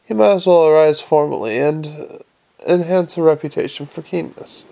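A man reading a novel aloud with lively, slightly stumbling narration. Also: on the high side, moderate pace, creaky. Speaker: audiobook narrator.

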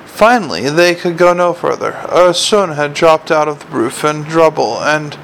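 Male audiobook narrator, steady and measured, slightly high with a gravelly grain, faint hum behind. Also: rough recording.

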